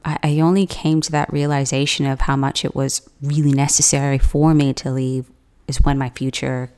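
A woman's voice: a bass voice, level tone, moderate pace, a little mellow, clear, resonant tone. A woman from Canada telling a personal story in a laid-back, casual way, laughing often and using lots of fillers.

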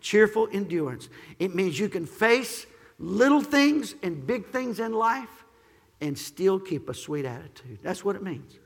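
A man preaching a sermon as pastor, swinging from shouted praise to quiet, gentle teaching. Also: sits high, sing-song, a little slow, creaky, in a large hall.

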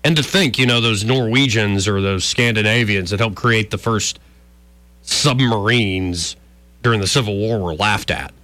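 A man's voice: on the low side, normal speed, bright, forceful tone, dry recording. A man hosting a talk radio show, wry and joking with rambling asides. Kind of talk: casual talk radio banter.

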